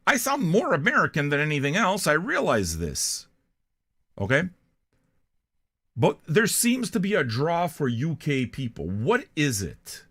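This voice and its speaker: A man's voice: on the high side, wildly swooping pitch, a little slow, a bit bright, husky. An older man from Canada, hosting a music reaction show in a blunt, profane, rambling monologue.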